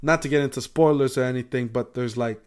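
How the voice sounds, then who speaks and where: A man's voice: medium pitch, steady tone, fast, clear, resonant tone. A man co-hosting a podcast in casual chat, rambling with many fillers and freely swearing. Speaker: podcast co-host.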